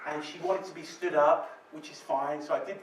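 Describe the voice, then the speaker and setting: A man's voice: fairly high pitch, fairly even intonation, normal speed, slight background noise. A male midwife telling a candid, joking story to a live audience. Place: hall with audience. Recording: echoey hall, distant mic, audience. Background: audience laughter.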